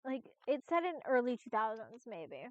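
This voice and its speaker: A woman's voice: a little high, sing-song, normal speed, no room sound. A woman streamer chatting casually on a live stream, rambling with lots of restarts and fillers and the odd swear. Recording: dull, lo-fi, dry stream audio.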